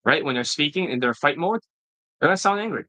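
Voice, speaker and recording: A man's voice: a little high, lively intonation, fast, bright, forceful tone, dry recording, rough recording. A middle-aged man giving a blunt, profane coaching rant, often tossing in "right?". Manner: keeps asking "right?" to prompt agreement. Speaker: dating coach. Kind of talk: ranting coaching monologue.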